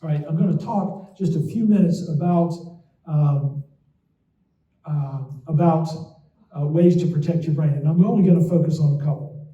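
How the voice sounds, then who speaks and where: Man, middle-aged, dark mellow voice, roomy hall echo, dull lo-fi recording. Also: a little high, moderate pace. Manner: folksy storytelling with frequent "okay?" asides. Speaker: memory doctor giving a talk. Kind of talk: casual lecture with anecdotes. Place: talk to an audience in a hall. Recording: roomy, distant, dull lo-fi sound.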